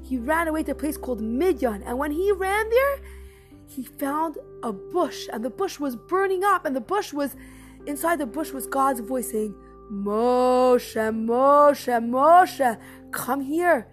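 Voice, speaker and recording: A woman storyteller retelling a religious story in an animated, expressive way, with emphatic repetition. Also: sits high, moderate pace, faint music behind.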